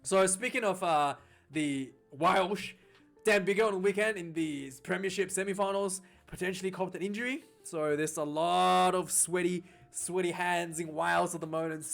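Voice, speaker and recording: A man with a high-pitched voice hosts a casual rugby news vlog. He rambles, restarting and repeating words as he goes. Faint music sits behind him. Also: steady tone, moderate pace, creaky, a bit bright.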